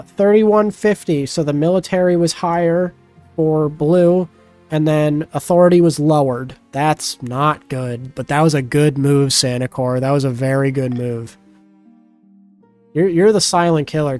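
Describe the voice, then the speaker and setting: A man with a fairly high voice hosts a live game stream and chats loosely with his audience. When bids come in he switches to a rapid auctioneer patter. Soft music plays underneath. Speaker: streamer hosting a game with chat. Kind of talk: casual live-stream chat.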